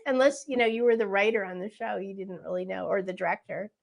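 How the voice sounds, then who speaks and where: A woman's voice: mid-range voice, fairly quick, gravelly. A woman in her sixties with a youthful-sounding voice, chatting as a guest in an interview and laughing often. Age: 60s. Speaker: voice actress guest. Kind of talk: casual interview chat.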